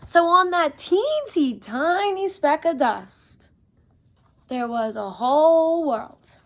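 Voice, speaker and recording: A woman reading a picture book aloud to children, animated, and stopping to talk to her young listeners. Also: sits high, takes it slowly. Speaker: storyteller.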